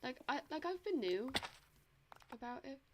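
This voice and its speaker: A woman's voice: sits high, very animated, moderate pace, lo-fi sound, noisy background. A young woman with a Dublin Irish accent chatting casually over a game, rambling with lots of "like" and self-mocking asides. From Ireland. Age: young adult. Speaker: streamer. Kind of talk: casual gameplay chat.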